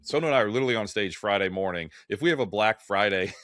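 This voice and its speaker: A man co-hosting a casual market-talk podcast, quick and animated, joking along the way. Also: lowish voice, dry recording, studio quality. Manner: animated, quick, tells jokes with put-on quotes. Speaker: podcast co-host, market strategist.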